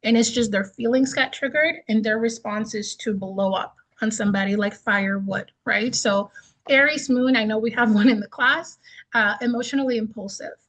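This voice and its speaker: A woman's voice: on the high side, normal speed, low-quality recording. Chatty woman teaching a class. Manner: chatty, expressive, frequent "right?" and "like". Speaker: astrology teacher. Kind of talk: casual class lecture.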